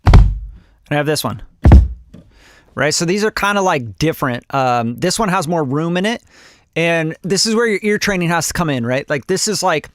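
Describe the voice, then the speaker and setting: A man's voice: fairly high pitch, animated, moderate pace, long pauses, no echo. A man teaching music production on a casual live stream, loose and chatty with lots of fillers, humming drum rhythms and swearing offhandedly.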